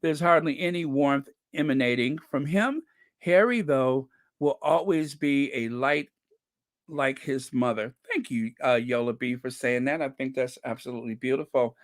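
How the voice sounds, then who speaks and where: A man hosting a casual livestream, reading viewer comments aloud slowly and chuckling between them. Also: medium pitch, animated, no echo, studio quality. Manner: slow and chatty, reads comments aloud with frequent "let me see" and chuckles. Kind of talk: casual live-chat commentary.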